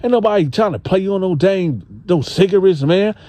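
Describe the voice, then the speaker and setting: A man voicing a hotheaded, boastful male inmate who talks loud and confrontational. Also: a little fast, no room sound, close to an everyday voice. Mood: dismissive. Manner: pitched up high, loud and confrontational.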